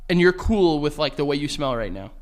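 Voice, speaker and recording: A man's voice: on the high side, fairly quick. A man co-hosting a podcast, teasing and joking in casual banter. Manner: animated, teasing, breaks into laughter. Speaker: podcast co-host.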